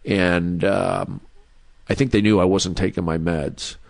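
A man's voice: low voice, fairly even intonation, a little slow, gravelly, darkish tone, no echo. A man, a comedian guest, telling a personal story in a casual, rambling way with many fillers and restarts. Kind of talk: casual storytelling in a podcast interview.

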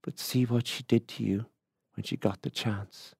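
A man reading the lines of a desperate, impatient rural widow in a sharp, pleading way. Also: medium pitch, steady tone, normal speed, gravelly, breathy edge, no room sound, clean studio sound. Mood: urgent.

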